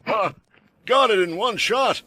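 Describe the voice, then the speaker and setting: A man doing a shrill, boastful young bowman. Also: big pitch swings, measured pace, a bit bright, a little hiss or hum, full character voice. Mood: smug. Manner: high, strained and defensive. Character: cocky young male bowman, boastful then whiny.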